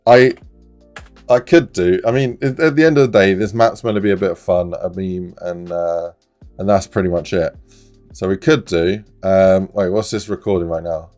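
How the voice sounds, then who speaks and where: A man streaming his game development live, chatting casually and getting excited, laughing often and swearing now and then. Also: deep voice, normal speed, faint music behind.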